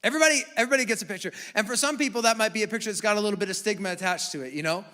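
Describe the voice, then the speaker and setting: High, bright-voiced man preaching in a church. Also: racing. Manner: animated storytelling with self-deprecating humor. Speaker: pastor. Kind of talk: conversational sermon. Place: church sanctuary. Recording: long hall reverb.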